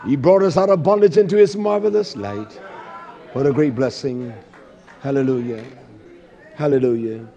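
A man preaching a sermon while seated, repeating phrases and swinging from shouts down to low murmurs. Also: moderate pace, long pauses, muffled recording. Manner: repetitive, call-and-response phrasing.

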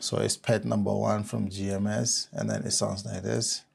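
A man from South Africa, a music producer, giving a relaxed step-by-step software tutorial on making a track. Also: on the low side, moderate pace, gravelly.

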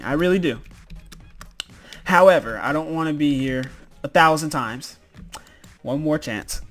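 A man's voice: a little high, fairly bright tone. A man hosting a let's-play video, commenting in an exasperated, exclaiming, self-mocking way. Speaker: gaming video host.

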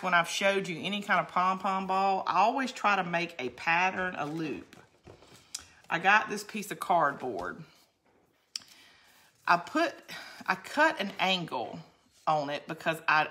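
A woman's voice: sits low, bright, forceful tone. A woman hosting a live craft tutorial, explaining steps in a chatty, rambling way and reading viewer comments aloud. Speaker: craft video host.

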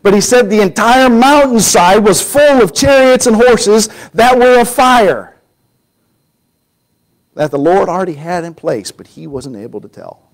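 Man preacher, higher voice, lively sermon delivery that swings between raised quotes and quiet emphasis. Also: measured pace, poor audio. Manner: animated storytelling, acting out quoted voices, drops to a near-whisper for emphasis.

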